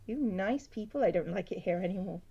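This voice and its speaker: A woman chatting casually as she draws on a livestream, her voice at an ordinary middle pitch. She talks hesitantly and plays herself down. The stream audio sounds a little dull and lo-fi. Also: expressive, brisk, vocal fry, dark tone, slightly rough. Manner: self-deprecating, hesitant. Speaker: artist and stream host. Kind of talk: casual chat while drawing.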